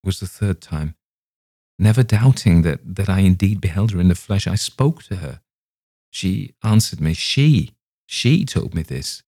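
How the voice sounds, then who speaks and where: A man's voice: low-pitched, expressive, measured pace, mellow, no echo, clean studio sound, exaggerated voice. A man voicing an agitated young man who pleads urgently and emotionally.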